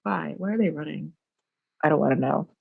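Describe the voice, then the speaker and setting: A woman's voice: sits low, fairly quick, gravelly, slightly rough, dry recording, phone-quality sound. Dry-voiced teasing young woman co-host. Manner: teasing, wry asides. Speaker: podcast co-host. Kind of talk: casual chat.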